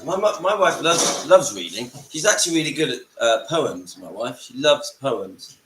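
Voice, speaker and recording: A man with a croaky voice from a cold, hosting a casual livestream from home and greeting viewers by name. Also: medium pitch, sing-song, normal speed, background noise. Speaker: livestream host. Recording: echoey room with faint ambience.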